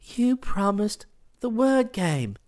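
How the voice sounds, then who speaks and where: A man's voice: high voice, very animated, slow pace, darkish tone, voice pushed up, full character voice. A man voicing a small, sweet and dreamy little girl in a storybook reading, in an eager, sing-song child voice. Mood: coaxing.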